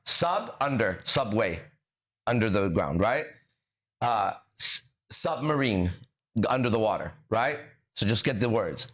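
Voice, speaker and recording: A podcast host with a mid-pitched, slightly bright voice leads a motivational conversation in an emphatic, preachy manner. He curses freely and stumbles over his words as ideas strike him, yet keeps things casual.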